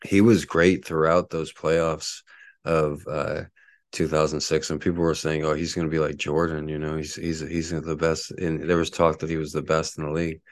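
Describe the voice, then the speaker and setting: Man, podcast host, very low voice, dry close recording, rambling with fillers. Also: level tone, moderate pace, no room sound. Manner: angry ranting at a neighbor outside. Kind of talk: solo sports podcast talk. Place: apartment at home.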